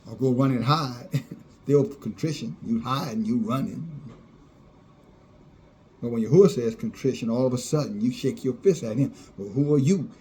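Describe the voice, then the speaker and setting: A man's voice: medium pitch, normal speed, pauses often, warm tone. A man preaching a fiery sermon, scornful and sarcastic, often laughing at those he criticizes.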